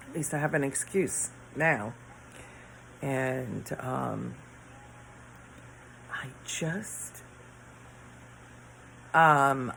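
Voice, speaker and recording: A tired middle-aged woman vlogs late at night from her bedroom, rambling casually to camera, yawning, sighing, and trailing off mid-thought. Her voice is extremely low and creaky. The recording is low quality with slight background noise.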